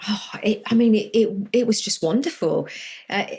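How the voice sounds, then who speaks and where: A woman co-hosting a podcast, speaking gently and appreciatively, with hesitant restarts. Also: medium pitch, normal speed, husky. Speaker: podcast co-host. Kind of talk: casual podcast chat.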